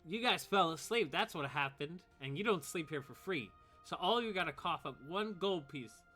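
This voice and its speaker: A man's voice: medium pitch, lively intonation, fast, soft background music. A man voicing a brash, bossy female tavern server in a tabletop game. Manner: loud, bossy, teasing. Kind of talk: playing a character in a tabletop game.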